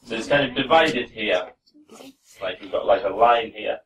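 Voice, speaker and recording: A man teaching pronunciation in a classroom, relaxed and encouraging with his students. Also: fairly low pitch, moderate pace. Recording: voice from far off.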